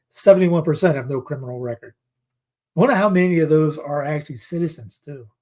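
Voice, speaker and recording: A man with a high-pitched, somewhat dark-toned voice hosts a casual news commentary. He reads headlines aloud and tacks on sarcastic, wandering asides, rambling with many restarts and fillers.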